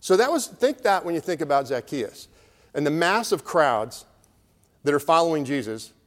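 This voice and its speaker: Middle-aged male pastor, fairly high voice, easy storytelling sermon, long reverb of a church hall. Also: very animated, normal speed. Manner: conversational, storytelling preaching with acted crowd voices.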